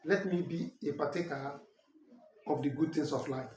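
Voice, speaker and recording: A man's voice: fairly high pitch, fairly even intonation, moderate pace, darkish tone. A Nigerian man whose first language is Ikwerre, giving an earnest, corrective talk that explains names and dialect words. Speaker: language and culture teacher. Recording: roomy echo from a distant mic, faint noise.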